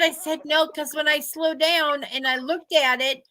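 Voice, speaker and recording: Middle-aged new lady telling stories, bright sharp voice, lots of acted-out quotes. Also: sits high, moderate pace, a little hiss or hum. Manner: animated, laughing storyteller acting out quotes. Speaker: host. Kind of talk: casual storytelling chat.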